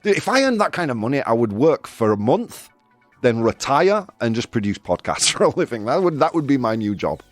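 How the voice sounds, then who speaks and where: A male podcast host whose pitch swings up and down a lot as he chats through the news. He is self-deprecating, laughs often and trips over tricky words. The sound is dry and close, with faint music underneath. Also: very animated, brisk, no room sound. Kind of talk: casual live-stream news chat.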